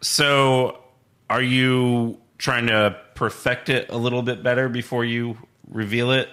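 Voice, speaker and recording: A man's voice: medium pitch, flat delivery, pushed and bright. A man co-hosting a casual podcast, chiming in with wry quips. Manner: wry, quick quips and agreement. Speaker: podcast co-host. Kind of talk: casual chat.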